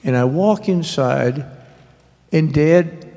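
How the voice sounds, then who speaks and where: Gravelly, slow-talking storyteller man. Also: fairly high pitch, dark tone. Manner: rambling, self-deprecating, halting with restarts. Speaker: guest author. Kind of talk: storytelling at a live author talk. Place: public library event hall. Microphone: handheld mic. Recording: echoey hall.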